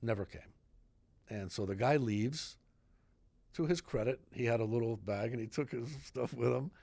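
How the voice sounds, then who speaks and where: A man's voice: medium pitch, moderate pace, creaky, no room sound. A man in his fifties, a retired fire captain, telling stories animatedly as a podcast guest. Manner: animated storyteller who acts out dialogue. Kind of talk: casual podcast interview. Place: podcast studio in Idaho.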